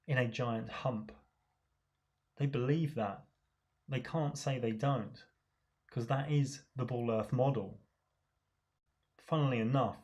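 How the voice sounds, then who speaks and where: A man's voice: medium pitch, darkish tone. Sarcastic man ranting. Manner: sarcastic, mocking. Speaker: comic monologuist. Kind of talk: comic rant monologue.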